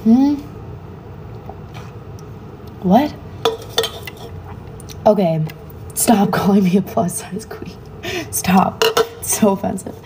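A woman's voice: mid-range voice, expressive, slow, long pauses, noisy background. A young woman, a student, chatting casually on a phone livestream, reading viewers' comments aloud and answering them offhandedly. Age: young adult.

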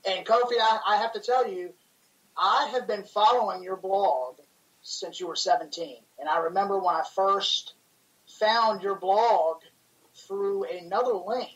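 A man's voice: high voice, measured pace, a bit bright, recorded from a distance, poor audio. A man who co-hosts a podcast and pastors a church, chatting with enthusiasm and wandering off track as he talks. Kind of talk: casual interview chat.

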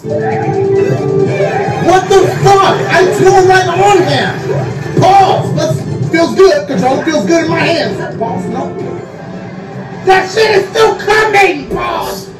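A man giving loud, joking gameplay commentary, often shouting. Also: extremely high pitch, echoey room, distant mic, poor audio. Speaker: gaming video creator.

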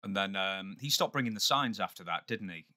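A man's voice: low voice, expressive, fairly quick, pushed and bright. A man hosting an interview, asking short questions in a casual manner. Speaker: interviewer, host.

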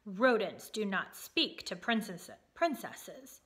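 A stern, pompous storybook king who lays down his words slowly and with disdain, as a woman reading aloud puts him on. The voice is bright and forceful rather than deep. He sounds commanding, like someone used to being obeyed. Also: lively intonation. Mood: angry. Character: stern pompous male king, middle-aged.

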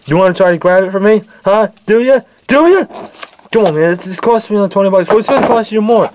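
A man acting out a home-made toy skit, bickering with himself in several voices, jumping between shouted yelps and low grumbles. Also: steady tone, racing, background noise.

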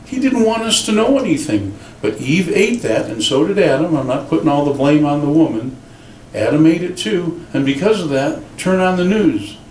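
A man, a pastor, preaching a sermon in an animated, storytelling way in a church. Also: on the high side, moderate pace, slight background noise. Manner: animated storytelling with acted quotes. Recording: roomy church sound from a distant mic.

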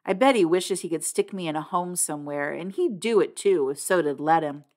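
Hot-tempered teen boy, raised and heated, a woman reading him; lowish voice, audiobook. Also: fairly quick, darkish tone, close to an everyday voice. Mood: bitter. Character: bitter hot-tempered teenage boy narrator.

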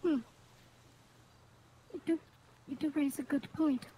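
Woman, roleplay player, blunt and sassy, high voice. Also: steady tone, takes it slowly, dark tone. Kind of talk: in-character roleplay chat.

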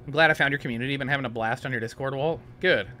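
A man's voice: mid-range voice, racing, pushed and bright, soft background music. A tired man streaming a game at home, joking, swearing a lot and reading chat messages aloud. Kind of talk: casual let's-play chat.

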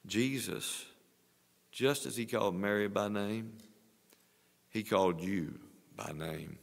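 Older preacher guy, 60s, lowish voice, earnest sermon, church hall echo. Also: measured pace, creaky. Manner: earnest preaching, swelling louder on exhortations. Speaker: pastor. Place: church sanctuary. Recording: long church reverb.

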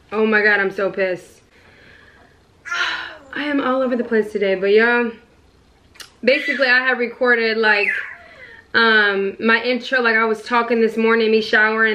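A woman's voice: mid-range voice, fairly bright tone. A woman vlogging casually at home, chatty and rambling, full of fillers as she talks to her viewers. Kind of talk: casual vlog chat to viewers.

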